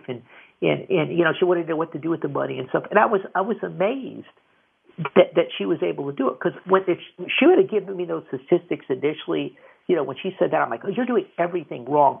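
Gravelly man on a tinny radio line. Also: on the high side. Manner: rambling, with many repeated restarts. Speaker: radio financial advice show host. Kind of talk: casual call-in radio talk. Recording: tinny phone-like radio audio.

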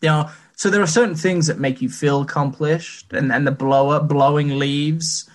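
A man's voice: a little high, fairly even intonation, normal speed. A man in his late twenties chatting casually on a podcast, telling rambling, self-deprecating stories. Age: late 20s. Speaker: podcast co-host. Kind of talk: casual chat.

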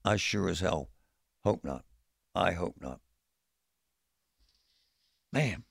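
A man's voice: low voice, big pitch swings, a little slow, creaky, long pauses, breathy edge, dry recording, studio quality. A man hosting a talk radio show, speaking bluntly in a fed-up, folksy way. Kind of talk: opinionated talk radio monologue. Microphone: studio microphone.

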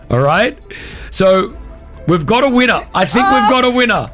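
Man, breakfast radio host, animated banter, fairly high voice. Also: normal speed, faint music behind. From Lebanon. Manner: animated, excitable, talks over others.

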